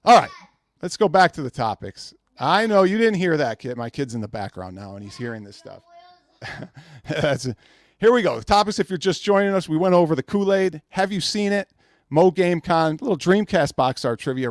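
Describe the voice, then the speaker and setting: A man's voice: fairly high pitch, sing-song, normal speed, no room sound. A man hosting a podcast from home, ranting in a heated, mocking way with many stumbles and restarts. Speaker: podcast host.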